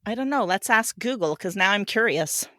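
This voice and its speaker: A woman's voice: medium pitch, lively intonation, moderate pace, background noise. A woman in her thirties co-hosting a podcast, chatting playfully, laughing often and reading game cards aloud. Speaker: podcast co-host.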